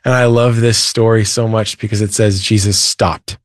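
Man, christian author guest, earnest storytelling, low voice, dry sound. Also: flat delivery, moderate pace, no room sound. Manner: earnest, retells scripture with quoted voices. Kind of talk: interview, storytelling testimony.

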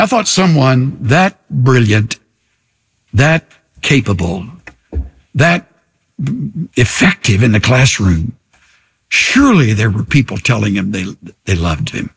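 Husky older man preaching earnestly. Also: mid-range voice. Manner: earnest, slow emphatic phrasing with soft pauses. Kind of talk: sermon.

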